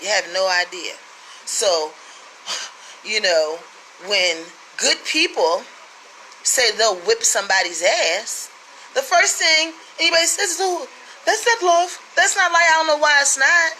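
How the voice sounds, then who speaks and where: A woman's voice: on the high side, unhurried, sharp tone, a little hiss or hum, low-quality recording. A woman from the United States giving blunt, profane relationship advice in a casual monologue.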